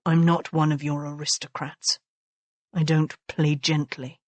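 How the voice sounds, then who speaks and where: A woman voicing a blunt, self-made Regency husband who speaks low and soft with dry command, in an audiobook. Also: little pitch movement, a little slow, dry recording.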